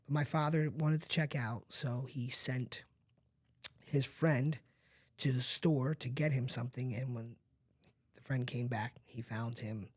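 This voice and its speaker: A man's voice: medium pitch, fairly even intonation, a little slow, darkish tone. Earnest middle-aged man telling his story. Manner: earnest and confiding, talks straight to the listener with frequent asides. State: emotional at times. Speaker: podcast guest. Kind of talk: candid personal storytelling.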